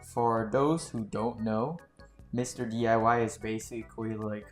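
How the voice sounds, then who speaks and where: A young man telling customer service stories in a casual, exasperated rant, swearing freely. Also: medium pitch. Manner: exasperated, swearing, laughing, rising into heated outbursts. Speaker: storytime vlogger. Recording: roomy echo with faint music.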